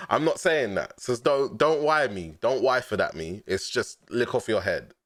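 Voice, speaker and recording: A man with a London accent casually breaking down his own rap lyrics in a slangy, laid-back way, laughing often and breaking into excited bursts. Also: medium pitch, takes it slowly, no room sound, studio quality.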